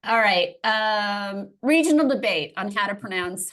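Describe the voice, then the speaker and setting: Female interviewer with a bright, crisp voice, brisk friendly questions. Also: medium pitch, expressive. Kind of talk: casual conversation.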